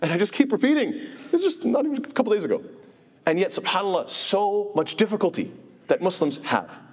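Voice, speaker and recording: A man giving an informal religious lecture, animated and asking his listeners rhetorical questions. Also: high voice, a little fast, breathy edge. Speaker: Islamic teacher. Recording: long hall reverb.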